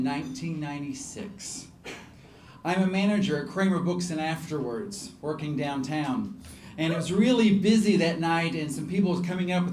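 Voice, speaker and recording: A fairly high-voiced man with a Southern US accent tells a comic personal story on stage with lively energy. His voice rings out in an echoey hall. A faint room hum sits beneath it. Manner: animated and comic, laughing through lines. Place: live storytelling show venue.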